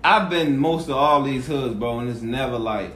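A man's voice: mid-range voice, normal speed. A man hosting a casual podcast, telling stories and acting out quotes. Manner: animated storyteller, acts out quotes. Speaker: podcast host. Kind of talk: casual chat. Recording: echoey room, faint noise.

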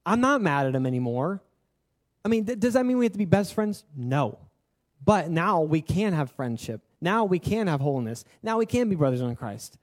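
A man's voice: fairly high pitch, very animated, normal speed. Earnest casual young preacher man. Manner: casual, conversational storytelling with filler words; earnest and confessional. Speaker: pastor. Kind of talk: sermon.

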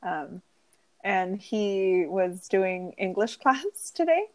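A woman's voice: mid-range voice, slow pace, rough recording. A woman hosting a podcast, chatting casually and recapping an episode, often laughing through her stories. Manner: laughs often, animated storytelling. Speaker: podcast host.

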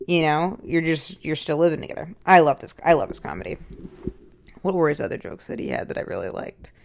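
A young woman comedian with a low, gravelly voice tells frank, crude stories on stage. She rambles through asides and stops to correct herself as she goes. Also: big pitch swings, fast. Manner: rambling, candid, crude, with self-interrupting asides. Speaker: stand-up comedian. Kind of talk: stand-up storytelling.

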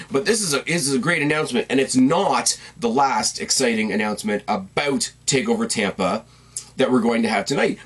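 A man's voice: medium pitch, husky. A man giving a casual, rambling and enthusiastic recap commentary, often correcting himself mid-sentence. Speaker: wrestling commentator.

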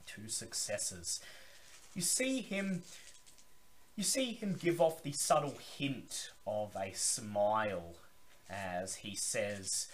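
Slow-speaking male game master. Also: on the low side, lively intonation. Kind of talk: narrating a tabletop game.

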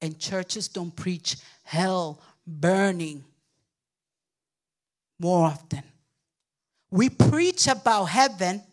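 With lively intonation, drawn-out words and frequent pauses, an older female pastor preaches and calls out emphatically to the congregation for responses. Now and then she mimics babbling toddlers in a squeaky voice.

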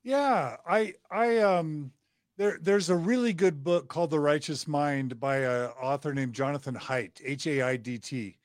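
Middle-aged guy on a podcast, earnest and thoughtful, slightly high voice, dry close mic. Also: measured pace, no echo. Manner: earnest, reflective, with frequent restarts. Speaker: podcast guest. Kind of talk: casual conversation.

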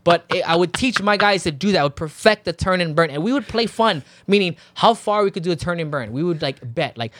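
A man in his thirties, a podcast guest telling lively stories with lots of swearing and laughter. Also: high voice, brisk, hardly any pauses, no echo. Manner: animated storytelling, swearing, laughs often. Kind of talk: casual chat.

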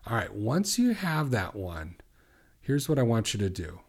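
A middle-aged man hosting a podcast as a recovery coach, asking earnest questions and slowing down to repeat affirmations. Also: medium pitch, sing-song, husky. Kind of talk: coaching monologue.

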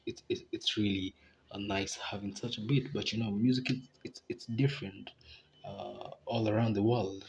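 A young man hosts a casual podcast, rambling and laughing in a relaxed way. His voice sits a little low. Faint background noise hangs under his talk. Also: highs cut off. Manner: laid-back, rambling, laughs between phrases. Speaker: podcast host.

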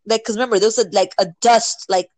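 A woman casually telling a personal story, filling it with "like" and "right?" and acting out quotes with sudden jumps in pitch. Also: steady tone, fast talker, a little mellow, no room sound, poor audio. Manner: filler-heavy, many "like" and "right?".

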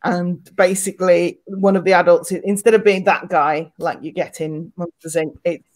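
A woman's voice: on the low side, steady tone, moderate pace, a little mellow. A woman co-hosting a casual group chat, telling a story with enthusiasm. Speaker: podcast co-host.

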